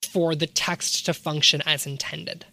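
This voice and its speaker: A woman's voice: deep voice, flat delivery, measured pace, creaky, bright, forceful tone, no echo. A woman talking through an idea in an academic way, asking rhetorical questions as she explains. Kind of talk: casual analytical discussion.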